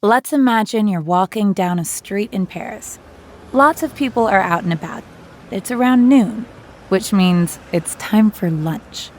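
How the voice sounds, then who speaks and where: A woman's voice: mid-range voice, a little slow, slight background noise. A woman hosting an audio language lesson, narrating scenes and encouraging the listener in an upbeat, scripted way.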